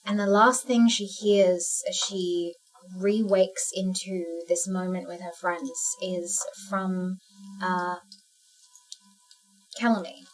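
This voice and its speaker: Slow-narrating woman game master. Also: fairly low pitch, flat delivery, soft background music.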